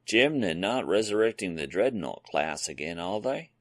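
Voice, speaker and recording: A man's voice: sits low, big pitch swings, moderate pace, a bit bright, no room sound, voice pushed up, exaggerated voice. Male reader as a tall, thin Southern doctor; drawled, derisive, suspicious, dry close audiobook. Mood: sardonic. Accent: American Southern.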